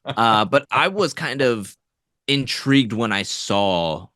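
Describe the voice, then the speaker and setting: A man in casual podcast chat, animated and laughing often as he talks about movies. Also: medium pitch, slow pace, no room sound, studio quality. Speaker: podcast co-host.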